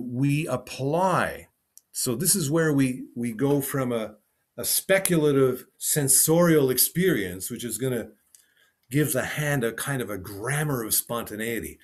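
A man of ordinary pitch leads an online piano lesson. He talks things through as he goes, repeating short phrases while he demonstrates at the keyboard. His voice comes through a video call. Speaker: piano teacher. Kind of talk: online teaching session.

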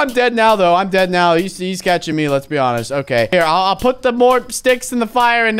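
A young man giving excitable game commentary, swinging from hushed muttering to frantic yelling. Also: sits high, a little fast, hardly any pauses, smooth. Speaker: gaming YouTuber.

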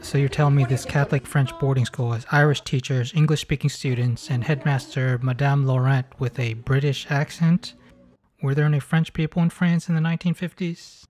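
Brief: male host, dry sarcastic movie roasting, mid pitch. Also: steady tone, fairly quick, darkish tone. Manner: sarcastic, mocking. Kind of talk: comedic movie commentary.

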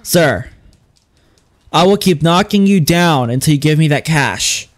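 A man giving comedic let's-play commentary, playful and over the top, yelling at game characters. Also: a little high, animated, unhurried. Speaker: gaming YouTuber.

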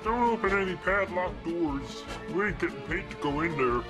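A gruff, dismissive store boss from a video game, talking bluntly in a slightly raised voice. Game music plays clearly behind him. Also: male voice, sits high, animated, moderate pace.

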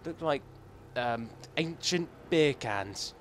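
A man's voice: fairly high pitch, lively intonation, takes it slowly, noisy background. Chatty man commentating on gameplay. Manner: chatty, joking, thinks aloud. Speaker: gaming channel host.

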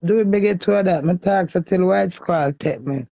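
A woman's voice: fairly low pitch, moderate pace, vocal fry, mellow, no echo, dull audio. A woman with a Jamaican accent ranting heatedly and scolding someone in a repetitive live stream.

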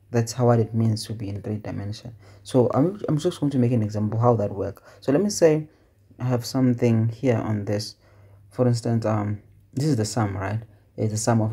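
A man teaching spreadsheet formulas in a casual tutorial, talking things through out loud and asking himself questions. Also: on the low side, breathy edge. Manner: conversational, asks questions and answers them himself; thinks aloud with fillers and self-corrections. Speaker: Excel tutor. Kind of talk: casual screen-recorded tutorial.

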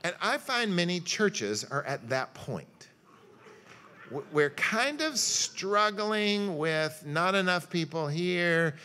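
Bright-voiced man giving a folksy church lecture. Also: sits high, very animated, slow pace. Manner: folksy storytelling with jokes and acted-out quotes. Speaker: pastor and guest lecturer. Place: church hall.

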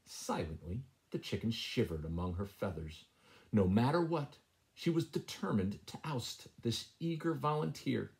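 A man reading a fairy tale aloud as a bedtime story, in an expressive, sing-song way. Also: on the low side, unhurried, creaky.

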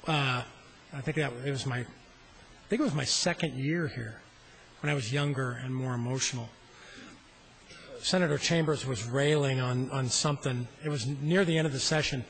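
A man's voice: medium pitch, moderate pace, pauses often, low-quality recording. A middle-aged man, a state senator, giving a floor speech in a legislative chamber at a floor microphone, telling a rambling, self-deprecating story.

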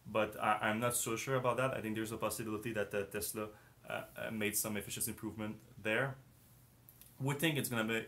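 A live-stream host with a fairly low, bright, forceful voice chats casually but haltingly, full of fillers and false starts. He is losing his voice, so it comes out strained, and he keeps clearing his throat.

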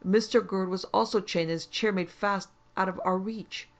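A man voicing an indignant doctor who runs seances, protesting in a high-strung way. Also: moderate pace, a bit bright.

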